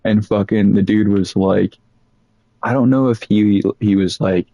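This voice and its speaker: A young man casually telling a rambling, profane story about old jobs, animated as he quotes people. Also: lowish voice, a little slow, no echo, lo-fi sound.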